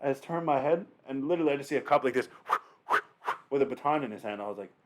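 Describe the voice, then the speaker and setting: A man's voice: medium pitch, fast talker. Young man telling a story with swearing. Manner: lively storytelling, swearing, acted-out shouts. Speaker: podcast co-host. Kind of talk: casual chat.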